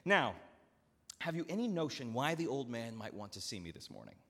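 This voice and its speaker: A man voicing a shrewd, smug male steward who talks in a smooth, self-assured, cooing way, heard with long hall reverb. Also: medium pitch, sing-song, a little fast, bright, forceful tone, exaggerated voice.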